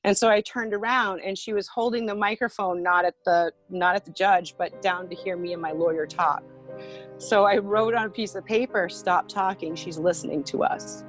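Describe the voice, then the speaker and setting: A woman's voice: mid-range voice, fairly even intonation, moderate pace, no room sound, low-quality recording. A woman being interviewed, recounting a personal ordeal in an earnest way, with frequent fillers. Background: music.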